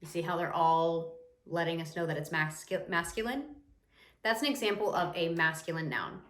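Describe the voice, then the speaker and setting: A young woman giving a casual, lively lesson as a language teacher, chatty and explaining step by step. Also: on the low side, normal speed. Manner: lively, chatty, imitates the viewer's reactions. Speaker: Spanish teacher. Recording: echoey room.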